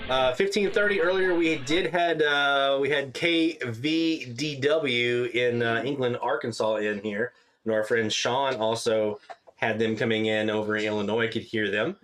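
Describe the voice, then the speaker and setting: A man's voice: mid-range voice, unhurried, slight background noise. A man hosting a live radio listening stream, talking casually and easygoing with many fillers. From Louisiana. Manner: relaxed, chatty, many fillers.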